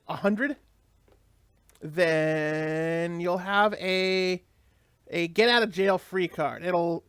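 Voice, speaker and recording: Chatty man explaining a game, lively pitch. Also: no room sound. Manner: rambling, explanatory, many fillers and restarts. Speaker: let's play host. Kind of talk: casual gameplay commentary.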